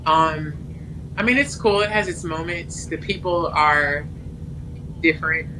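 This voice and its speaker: A woman's voice: deep voice, unhurried, noisy background. A woman from California with a West Coast accent, a writer guest speaking candidly and hesitantly in a casual interview. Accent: West Coast American. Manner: candid, frank, hesitant with many ums.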